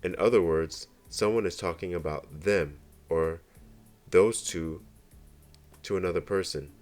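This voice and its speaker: A man narrating a scripted beginner language lesson, explaining slowly and carefully with example phrases. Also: sits low, darkish tone, soft background music. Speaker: language teacher.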